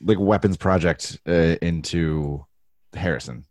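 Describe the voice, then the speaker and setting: A man's voice: sits low, measured pace, darkish tone, dry recording, studio quality. A man co-hosting a casual podcast chat about a card game, thoughtful and hedging with fillers. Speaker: podcast co-host.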